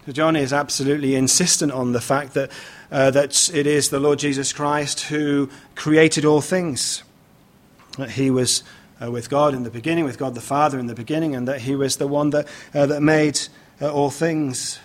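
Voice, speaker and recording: A man preaching a sermon, speaking in a measured way with many "uh" fillers and restarts as he reads scripture aloud and explains it. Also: a little high, fairly even intonation.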